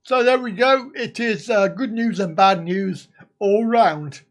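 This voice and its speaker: A man's voice: sits high, takes it slowly. A man hosting a casual live stream, chatting and laughing as he answers viewer comments.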